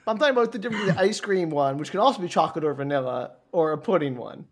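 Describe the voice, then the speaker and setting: A man's voice: fairly high pitch, lively intonation, racing. A man co-hosting a podcast in casual chat, asking dry, puzzled questions. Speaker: podcast co-host.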